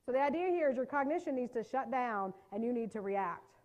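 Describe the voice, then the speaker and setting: A woman giving a live workshop lecture on trauma-informed care. She talks in a lively, conversational way and keeps checking in with her listeners. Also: a little high, brisk, muffled recording.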